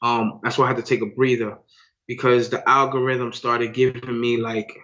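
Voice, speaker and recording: He co-hosts a podcast with a mid-range, level voice that has a sharp edge, speaking at a normal speed. His casual banter is full of slang, including calling the listener "son" and "B," all captured in dull lo-fi sound.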